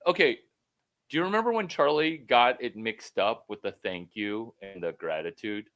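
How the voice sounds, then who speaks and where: A man coaching someone one-on-one over a call, blunt and profane, rambling with sudden loud bursts. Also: medium pitch, expressive, normal speed. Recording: phone call.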